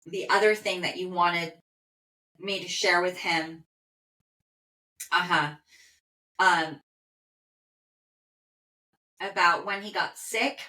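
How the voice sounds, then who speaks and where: A woman animal communicator leading a session, speaking gently and heartfelt, with soft affirmations. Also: fairly low pitch, fairly even intonation, takes it slowly, pauses often. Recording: roomy echo.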